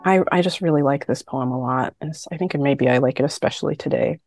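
A woman's voice: extremely low pitch, quick pace, vocal fry, over music. A woman co-hosting a poetry podcast, chatting casually and thinking aloud with many fillers. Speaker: podcast co-host. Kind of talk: casual chat about poetry.

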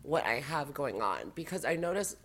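A woman chatting casually as a podcast guest, telling animated, dramatic stories with sassy asides. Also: low voice, normal speed. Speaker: guest storyteller. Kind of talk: casual chat.

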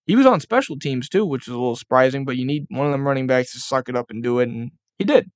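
Host de pódcast, hombre, tono medio; desahogo malhablado y frustrado, sonido seco. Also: male voice, mid-range voice, expressive, quick pace, no room sound. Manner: profane, frustrated ranting, mocking baby talk in bursts. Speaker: podcast host. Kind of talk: casual sports podcast rant.

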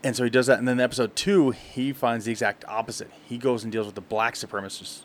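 A man chats on a casual podcast and tells stories in quick bursts, laughing as he goes. He sounds mid-pitched, and the room behind him is a little noisy. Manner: animated storyteller, quick bursts, laughs often. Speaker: podcast co-host. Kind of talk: casual chat.

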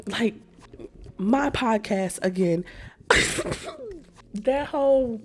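Her voice is high-pitched and expressive, unhurried, darkish, with a breathy edge. She's a young podcast host on a casual rant, full of swearing, laughter, and ridicule of the people she's talking about.

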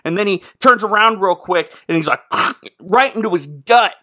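A man's voice: high voice, expressive, moderate pace, sharp tone, slight background noise. A man hosting a casual comedy podcast, rambling sarcastically through a movie recap with fillers and sound effects. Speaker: podcast host.

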